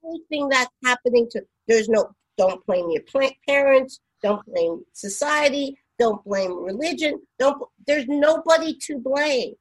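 Husky-voiced woman radio host. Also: high voice, lively intonation, a little slow, few pauses, rough recording. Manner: heartfelt, stumbling restarts, emphatic lists. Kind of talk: spiritual radio talk.

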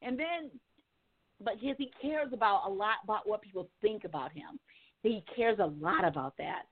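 A woman's voice: mid-range voice, lively intonation, normal speed, slightly rough. A woman calling in for a casual chat, talking frankly and profanely and laughing often. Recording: tinny phone line.

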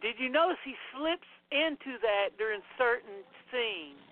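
A man co-hosting a casual movie commentary, blunt and profane, talking in quick bursts with restarts. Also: extremely high pitch, lively intonation. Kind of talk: casual chat over a movie. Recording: tinny phone-like sound, dry.

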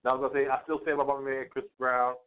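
Laid-back New co-host, mid-pitched man, phone-line tinny sound. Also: flat delivery, rapid-fire, smooth. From the Bronx, New York. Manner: laid-back, repeats "you know what I mean", chuckles. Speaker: podcast co-host. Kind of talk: casual sports and music chat.

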